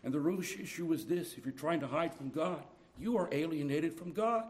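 A middle-aged man preaching a sermon, moving from soft, tender passages to loud, urgent appeals. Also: fairly high pitch, brisk, hardly any pauses.

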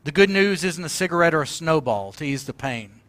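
A man delivers a sermon with passion and emphasis, crying out the lines he quotes. His voice sits high and bright. The sound is dry and close, with no room around it. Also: expressive, fairly quick, no echo. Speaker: pastor.

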